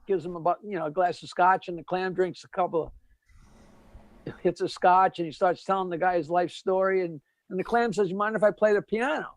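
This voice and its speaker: A man, a comedian guest, telling jokes in quick, punchy casual chat. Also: sits high, fairly even intonation, dry recording. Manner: rapid, punchy storyteller, laughs at his own punchlines.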